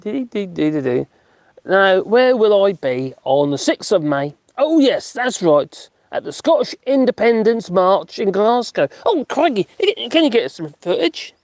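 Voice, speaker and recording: A man's voice: high voice, very animated, measured pace, a little mellow, no echo, clean studio sound. A middle-aged man, hosting a casual live stream, chatting, laughing often and making mocking asides as he reads out comments. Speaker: live-stream host reading chat. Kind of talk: casual chat.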